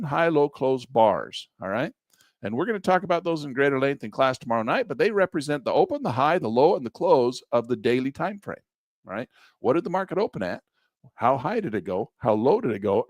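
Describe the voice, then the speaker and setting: A middle-aged man teaching a trading class while sharing his screen, often checking in with "all right?", a bit hoarse and clearing his throat. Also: medium pitch, dry recording, studio quality. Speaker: trading instructor. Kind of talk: screen-share class walkthrough.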